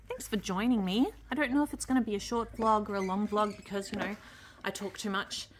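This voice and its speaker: A young adult woman, chatting casually through a product vlog about her candles and crystals, rambling and trailing off softly. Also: medium pitch, a little hiss or hum. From Australia.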